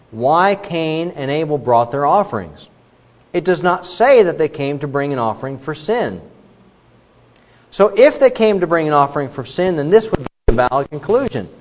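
A man preaching a sermon in an animated, questioning manner, with asides to the congregation. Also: fairly high pitch. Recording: dull recording with long hall reverb.

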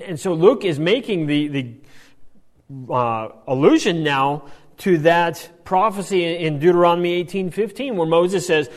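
Animated man teaching in a reverberant hall. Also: a little high. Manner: animated, keeps checking in with "right?". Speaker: Bible teacher. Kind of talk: Bible study lecture.

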